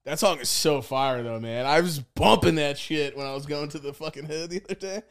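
Young podcast dude rambling thru a crazy camping story, cussing a lot, kinda high voice. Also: male voice, a little fast. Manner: rambling, profane, animated storytelling with loud acted-out quotes. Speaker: podcast co-host. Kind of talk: casual storytelling chat.

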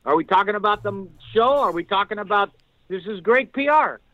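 An older man, a guest actor, telling rambling, animated stories with many restarts in a casual podcast chat. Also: high voice, brisk, no echo. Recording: tinny phone-line audio, dry.

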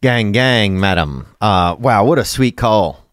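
A man with a drawl hosts a podcast, and his voice sits a little low. He talks in a loose, rambling, joking way. He is recorded close and dry, with no room sound. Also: expressive, slow, a bit bright, no echo. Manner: laid-back, rambling, joking. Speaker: podcast host. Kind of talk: casual podcast chat and ad read.

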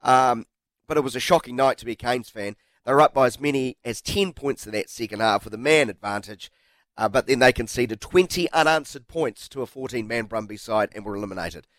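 A man with a New Zealand accent hosting a sports radio show, sounding nasal and blocked up from a cold, animated and teasing. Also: mid-range voice, fairly quick, dry recording. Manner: animated, teasing, self-mocking. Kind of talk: casual sports radio chat. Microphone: studio microphone.

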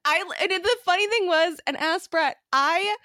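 A woman hosting a podcast, chatting in a relaxed, casual way, laughing often and swearing offhandedly. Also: very high voice, a little slow, no echo, clean studio sound. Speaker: podcast host. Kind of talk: casual chat.

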